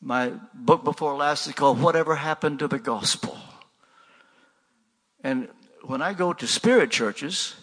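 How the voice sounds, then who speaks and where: A man's voice: fairly high pitch, a little slow, a bit bright, slightly rough, long reverb tail. An older man preaching a sermon in a conversational way, asking rhetorical questions and repeating refrains.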